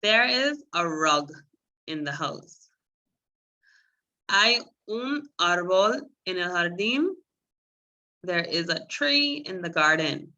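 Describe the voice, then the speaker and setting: A woman's voice: on the low side, sing-song, slow pace, long pauses, bright, forceful tone, dull audio. A woman teaching a beginner Spanish class, explaining patiently step by step and calling on students.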